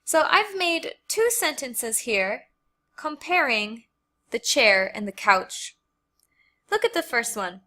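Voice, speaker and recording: An American woman teaching an English grammar lesson, explaining slowly and carefully and repeating key words for learners. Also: on the high side, sharp tone.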